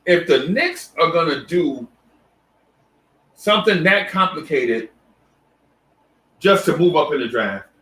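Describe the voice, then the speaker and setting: A man's voice: a little high, expressive, slow pace, pauses often, far from the mic. A man hosting a casual live stream, greeting viewers one by one and talking loosely with many restarts. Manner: loose, repetitive shout-outs with restarts and fillers. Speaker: livestream host. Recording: echoey room, voice set back from the mic.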